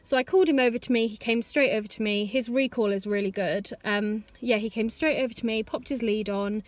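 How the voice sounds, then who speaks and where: A woman's voice: fairly high pitch, a little fast. A woman in her twenties, vlogging in a rambling, chatty way and scolding her dogs. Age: 20s. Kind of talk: casual vlog chat. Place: outdoors in woods, later at home.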